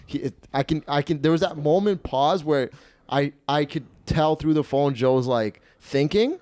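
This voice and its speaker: A man's voice: a little high, normal speed, darkish tone, dry recording. Young man, podcast host, casual storytelling, swears a lot, dry close sound. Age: 20s. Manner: rambling, profane, acts out quoted voices.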